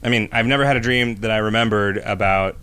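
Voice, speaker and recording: A man's voice: lowish voice, steady tone, bright, forceful tone, smooth. A man co-hosting a podcast, chatting casually and often rambling, restarting and trailing off as he thinks aloud. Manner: rambling, halting, lots of restarts and fillers. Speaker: podcast co-host. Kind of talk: casual chat.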